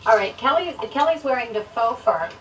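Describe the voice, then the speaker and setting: A woman's voice: on the high side, animated, fairly quick. A woman presenter soothing and fussing over a model on set. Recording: noisy, from a distance.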